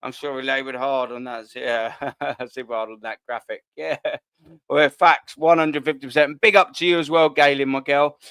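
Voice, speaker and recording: A man's voice: mid-range voice, moderate pace, smooth, no room sound. Blunt, sweary man on a live stream. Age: 30s. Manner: blunt, sweary, animated banter. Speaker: host. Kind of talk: casual live-stream chat reading viewer comments.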